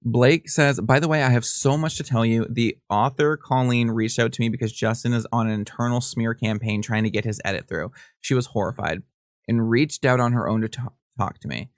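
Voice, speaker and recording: A man's voice: mid-range voice, no room sound, clean studio sound. Chatty man reading gossip texts. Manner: animated, gossipy, reads texts aloud with quick asides and laughs. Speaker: podcast host. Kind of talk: casual reaction commentary.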